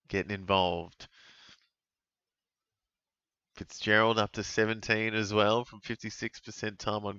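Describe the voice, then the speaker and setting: Unhurried man commentating live. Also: on the low side, sharp tone, smooth, dry recording. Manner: reactive, exclaiming at plays, chatty. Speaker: host. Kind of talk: live fantasy sports watch-along commentary. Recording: dull lo-fi dry mic sound.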